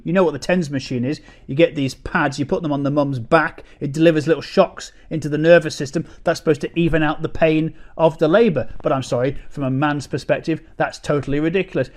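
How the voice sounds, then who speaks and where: A man doing stand-up comedy, telling a story in an animated, sarcastic, ranting way. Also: on the high side, fairly quick, few pauses.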